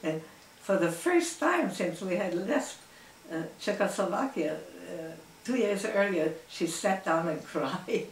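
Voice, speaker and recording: An older woman telling her life story in an interview, reflective and unhurried, often laughing softly as she talks. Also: on the low side, expressive, a little hiss or hum, rough recording. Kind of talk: oral history recollection.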